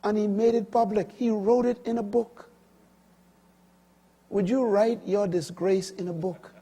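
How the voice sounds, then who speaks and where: An older man preaching a sermon, swinging between loud, high emphatic bursts and low, quiet asides. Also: steady tone, a little slow, slightly rough.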